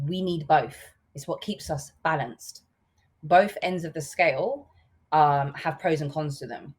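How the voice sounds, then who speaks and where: A woman co-hosting a podcast, talking frankly and bluntly in a casual discussion. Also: low voice. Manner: frank, blunt and animated, with swearing. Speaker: podcast co-host.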